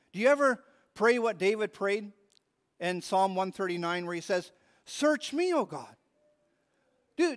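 A man's voice: high-pitched, fairly bright tone, in a large hall. A man preaching a sermon as pastor, earnest and repeating words as he stresses his points. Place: church hall.

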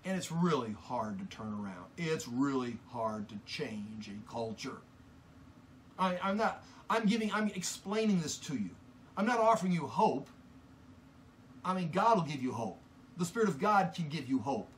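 Impassioned high-voiced man preaching. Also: sing-song, a little hiss or hum. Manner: earnest, impassioned, with halting restarts. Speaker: Bible teacher. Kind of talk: Bible teaching sermon.

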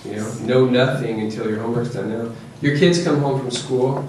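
A man giving a lively, joking parenting talk to an audience, often checking in with "okay?" and "right?". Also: mid-range voice, normal speed, far from the mic, a little hiss or hum. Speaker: presenter to parents. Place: presentation room with audience. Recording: echoey room, voice from afar.

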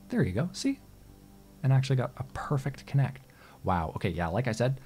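A man's voice: mid-range voice, sing-song, brisk, darkish tone, soft background music. A man giving casual let's-play commentary at his computer, exasperated, swearing and talking back to the game. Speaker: gaming channel host.

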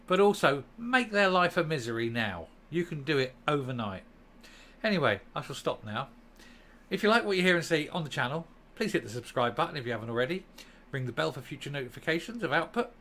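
A man's voice: medium pitch, big pitch swings, fairly quick, fairly bright tone. A man from England hosting a political opinion vlog, ranting emphatically with a sarcastic edge. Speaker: channel host.

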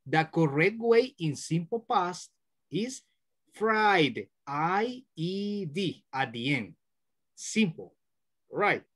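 A teacher leads a class over a video call, patient and methodical, echoing each word back to stress it. The pitch swings widely, rising and falling with every prompt, and sits in a middle register. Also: lively intonation, slow, a bit bright. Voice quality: patient, repeats words to correct and stress them. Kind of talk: online class instruction.

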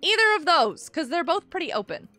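Her high, bright voice jumps all over as she chats through a live gaming stream, very animated and fairly quick. She's a bubbly mom in her thirties who giggles a lot and speaks directly to her viewers. The recording has no room sound, with faint music behind her.

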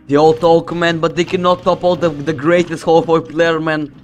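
A young man from the Balkans talks through his strategy game in a casual, boastful stream, swearing freely and cracking jokes to himself. His voice sits a little high for a man, and guitar music plays audibly behind him. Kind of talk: casual gaming commentary. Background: loud background music.

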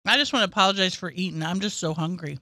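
Bright-voiced woman podcast co-host. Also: lowish voice, fast, dry recording, studio quality. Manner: short, laid-back replies. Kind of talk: casual chat.

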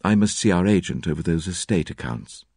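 A man voicing an impassive middle-aged husband who speaks in a low, measured tone. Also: lively intonation, darkish tone, breathy edge, no echo, clean studio sound.

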